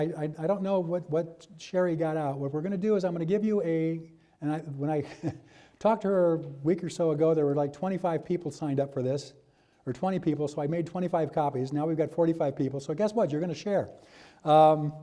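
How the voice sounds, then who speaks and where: A man's voice: on the high side, mellow. Laid-back man leading a workshop. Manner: loose, repeats words and restarts, chatty. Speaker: workshop presenter. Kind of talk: casual instruction to a room.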